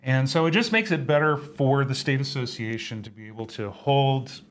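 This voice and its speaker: An older man speaking as a guest on a live video chat, in an easygoing, unhurried and agreeable way. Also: medium pitch. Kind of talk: casual livestream chat.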